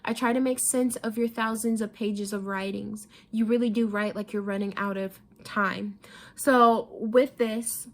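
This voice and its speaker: A woman's voice: mid-range voice, fairly even intonation, unhurried. A young woman giving a tarot reading, emotional and casual, often repeating herself and swearing freely. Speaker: tarot reader. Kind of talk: pick-a-card tarot reading.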